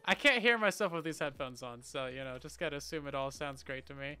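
A man's voice: a little high, fast, pushed and bright, clear, resonant tone. A man chatting casually as a game streamer, muttering to himself, humming while he builds and thanking viewers from the chat, on a headset mic. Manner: mutters to himself, hums and reads out chat names.

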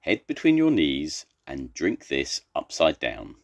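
A cheery, bossy storybook pig lady with a squealing, sing-song call, as an older man puts her on. The voice leaps far above a deep natural register and lingers on each word. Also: huge pitch swings, slow, no room sound, studio quality, heavily acted.

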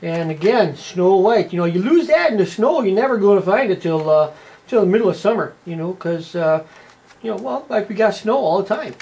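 This toy unboxing presenter, a Canadian-accented man, talks in a high, animated voice that's fairly quick, with vocal fry and a darkish tone. His folksy, rambling commentary is loaded with "uh" and tagged with "eh".

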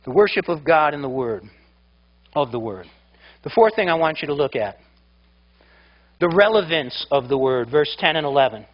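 Emphatic high-voiced male preacher. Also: animated, normal speed, long pauses, highs cut off. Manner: emphatic, repeats words while preaching. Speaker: pastor. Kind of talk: sermon.

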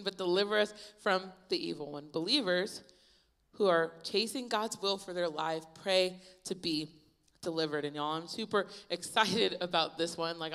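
A young woman preaching a youth sermon, retelling Bible stories in a lively, casual storytelling way. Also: fairly low pitch, creaky. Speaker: youth pastor. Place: church youth service.

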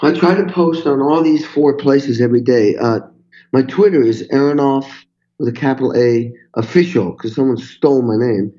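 An older man, a guest on a podcast interview, telling stories in an animated, swearing way and acting out what people said. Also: medium pitch, moderate pace, dull audio. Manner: animated, swearing, acts out quotes. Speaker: guest drummer. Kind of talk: storytelling interview.

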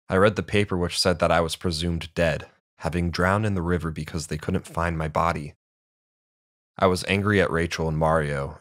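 A man with a very deep voice tells a first-person storybook tale in a steady, measured way. The recording is dry and close, with no room sound. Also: no room sound.

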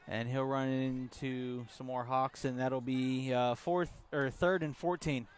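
A man calling youth football play-by-play outdoors at a field, relaxed, with filler words. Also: mid-range voice, measured pace, smooth. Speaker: play-by-play commentator.

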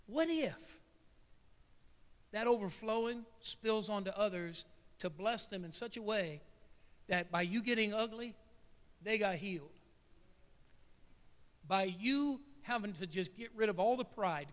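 A Midwestern American man preaches to his congregation, his voice sitting fairly high as he talks in a plain, folksy, emotional way. He asks the crowd questions and speaks to them directly. The sound carries the long echo of a church sanctuary. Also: fairly bright tone. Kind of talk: sermon.

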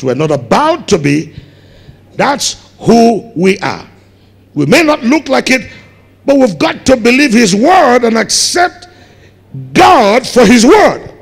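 A Ghanaian man preaching a sermon as pastor, building up to shouted emphasis on key words. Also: sits high, gravelly. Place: large church hall. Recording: long hall reverb.

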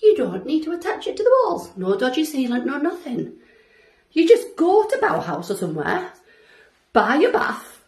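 A woman's voice: sits high, sing-song, moderate pace, a little mellow. A woman with a Teesside accent showing her bathroom in a cheerful, jokey, casual home tour. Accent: Teesside English. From Teesside, England. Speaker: friend of the vlogger.

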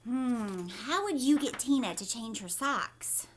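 A woman teacher reading a children's book aloud, animated and asking her young listeners questions. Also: on the high side, slow pace, slight background noise. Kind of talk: read-aloud storytime for children.

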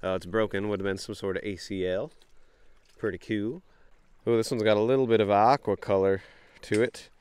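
Young man, excitable vlog chatter, slightly low voice, sniffly, outdoors on a camera mic. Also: moderate pace, clear, resonant tone. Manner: excitable, chatty, addresses viewers. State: sniffling from allergies. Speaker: bottle-hunting vlogger. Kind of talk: casual outdoor vlog narration. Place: outdoors in a creek.

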